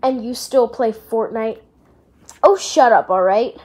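A woman's voice: fairly high pitch, measured pace, a little mellow. Woman doing snappy bickering voices. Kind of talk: amateur character voice acting.

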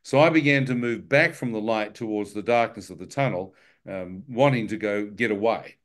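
A man's voice: fairly low pitch, normal speed. A man sharing his personal testimony with a live church audience, telling it vividly and with self-mocking humor.

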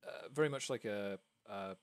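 Give me a low-voiced man describing a scene as game master, loose and filler-heavy. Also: moderate pace. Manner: descriptive, many fillers and hedges. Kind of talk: narrating a tabletop game.

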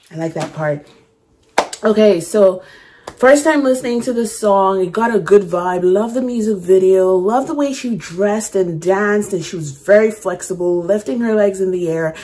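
A woman's voice: medium pitch, moderate pace, warm tone. Chatty woman reacting to a song. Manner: chatty, restarts her sentences, hums riffs aloud. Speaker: music reaction YouTuber. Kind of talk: casual first-listen reaction chat.

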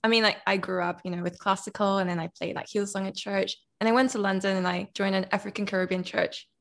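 A woman's voice: medium pitch, fairly even intonation, quick pace, creaky. A woman hosts a podcast in an easy, conversational way. She sounds reflective as she muses to her guest. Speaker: podcast host. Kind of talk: casual conversation.

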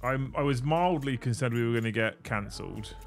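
A man's voice: mid-range voice, brisk, vocal fry. Chatty man hosting a livestream. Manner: chatty, thanks viewers, bursts of excitement. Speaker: livestream host. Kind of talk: casual livestream chat while building models. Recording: faint music behind.

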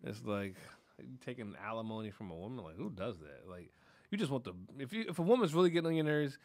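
A man hosting a podcast in casual chat, telling animated stories full of cursing and laughter. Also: medium pitch, fast. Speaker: podcast host.

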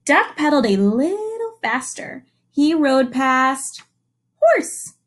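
A young woman teacher with a high-pitched voice reads a picture book aloud to children at a slow pace. She tells the story in an animated way, stopping to ask her young listeners questions.

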